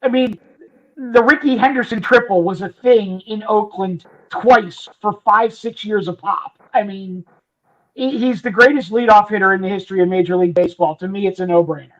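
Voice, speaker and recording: A man's voice: high-pitched, moderate pace, fairly bright tone. Man on a dull lo-fi mic. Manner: emphatic, leans on "I mean". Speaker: podcast co-host. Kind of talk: casual sports chat. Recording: dull lo-fi audio.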